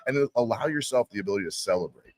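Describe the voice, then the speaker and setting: A man's voice: lowish voice, expressive, rapid-fire. A man giving intense, blunt motivational talk as a guest on a podcast taped live on an expo floor. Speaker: guest speaker and consultant.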